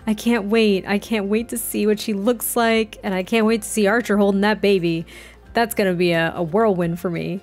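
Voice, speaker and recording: A woman's voice: mid-range voice, fairly even intonation, moderate pace, soft background music, natural voice. A woman voicing an eager young man, gushing. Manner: pleading and gushing. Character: eager young adult man visiting a friend.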